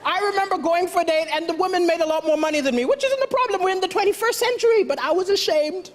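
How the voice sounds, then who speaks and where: Man doing deadpan stand-up. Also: very high voice, fast. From Malawi. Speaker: stand-up comedian. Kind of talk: stand-up comedy routine. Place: theatre stage before a live audience. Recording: live show with crowd laughter and noise.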